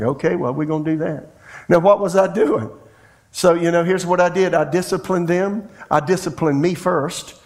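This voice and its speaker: Folksy middle-aged preacher, storytelling. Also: male voice, sits high, moderate pace. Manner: folksy storytelling preacher who acts out dialogue. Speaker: pastor. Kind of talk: sermon.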